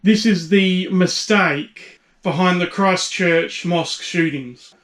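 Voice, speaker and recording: A man's voice: high-pitched, takes it slowly, fairly bright tone, echoey room. An Australian man delivering a blunt, profane and mocking comedic rant as a YouTube commentator.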